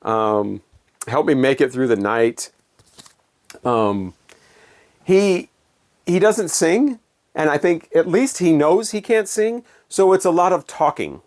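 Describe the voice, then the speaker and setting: A man's voice: a little high, lively intonation, slow, pauses often, a little mellow. Wry man talking about records. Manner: wry, sarcastic, rambling commentary. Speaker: vinyl record collector vlogger. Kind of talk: casual chat.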